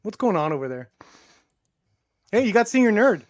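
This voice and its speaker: A man's voice: high voice, very animated, normal speed, no echo. A man co-hosting a live movie talk show in a casual, jokey chat, laughing often.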